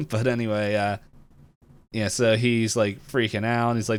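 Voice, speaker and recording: A man co-hosting a podcast, retelling a cartoon episode in a casual, animated way and jumping into the characters' lines with laughter. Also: mid-range voice, moderate pace, clean tone. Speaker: podcast co-host.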